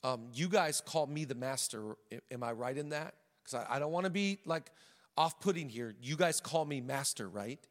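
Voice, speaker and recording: A man voicing Jesus as a calm, down-to-earth young man who talks in casual modern slang. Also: medium pitch, normal speed, big-room sound, natural voice. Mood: gentle.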